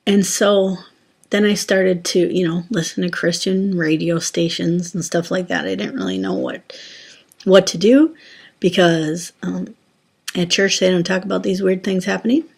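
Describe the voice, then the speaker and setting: A woman's voice: fairly low pitch, unhurried, vocal fry, slightly rough. A woman telling a personal faith story in a casual, rambling way, with many fillers and restarts. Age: adult, former teacher. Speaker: Christian sharing a testimony.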